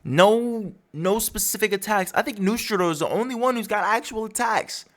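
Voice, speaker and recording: A man's voice: high-pitched, moderate pace, a bit bright. A man casually breaking down a comic chapter for his channel in a rambling, storytelling way. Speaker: manga recap YouTuber.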